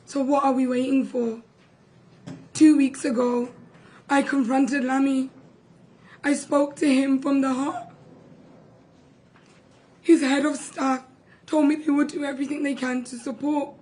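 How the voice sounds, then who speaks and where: A young woman, hoarse and losing her voice, giving an impassioned, urgent speech at a press conference about a relative on hunger strike. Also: high voice, level tone, a little slow, pauses often, dark tone, rough recording.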